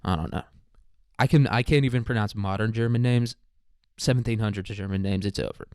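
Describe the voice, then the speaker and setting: A man's voice: fairly low pitch, fairly quick, a little mellow, clean tone, dry recording, studio quality. A man hosting a casual history podcast alone, rambling with crude, self-mocking jokes. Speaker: podcast host.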